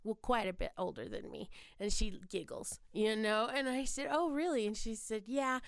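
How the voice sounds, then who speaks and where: A woman co-hosting a podcast, chatting casually and telling a long story in an animated way, acting out the voices of the people in it. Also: mid-range voice, normal speed, gravelly, clear, resonant tone, no echo. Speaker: podcast co-host. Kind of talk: casual chat.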